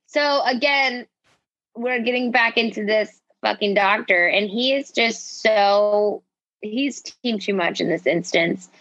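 A woman's voice: mid-range voice, takes it slowly, fairly bright tone, no echo, muffled recording. A woman co-hosting a casual recap podcast, talking bluntly and profanely and cracking jokes. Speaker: podcast co-host. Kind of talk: casual reality-TV recap chat.

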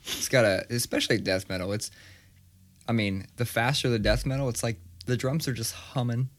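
A man in his thirties co-hosting a podcast in casual chat, loose and swearing, with quick asides. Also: medium pitch, steady tone. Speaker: podcast co-host. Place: small studio. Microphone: studio microphone.

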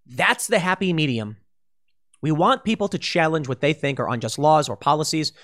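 A political commentator with a fairly high male voice delivers opinion commentary at a moderate pace. He is animated and emphatic, restarting phrases and acting out quoted remarks in a raised voice.

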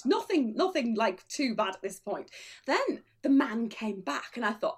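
A woman's voice: on the high side, lively intonation, brisk, husky. A middle-aged woman, an illustrator, telling a funny story on a chat show and laughing through her lines. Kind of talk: comic anecdote on a chat show.

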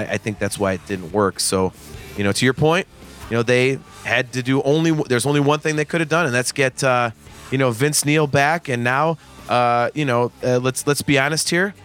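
Man, forties, bright forceful voice, profane, emphatic, casual podcast chat. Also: mid-range voice. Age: 40s. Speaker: podcast guest.

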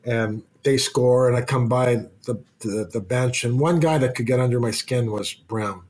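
A man's voice: medium pitch, moderate pace, darkish tone. A middle-aged man, a retired hockey player as a podcast guest, telling casual rambling anecdotes full of restarts. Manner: rambling anecdotes with many restarts and quoted voices. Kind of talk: casual storytelling.

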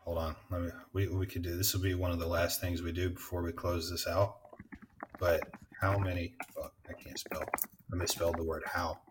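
A man's voice: low voice, level tone, moderate pace, distant mic, noisy background. A man hosting a podcast, chatting casually and rambling, swearing often and laughing. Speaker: podcast host. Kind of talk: casual chat.

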